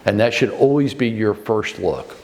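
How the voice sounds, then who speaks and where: A man's voice: expressive, normal speed, a little mellow, slight background noise. A man in his fifties, a real estate broker giving a blunt motivational training talk to his agents in short punchy sentences. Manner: blunt and emphatic, leaps up in pitch to stress points; speaks directly to the audience, often with short punchy sentences.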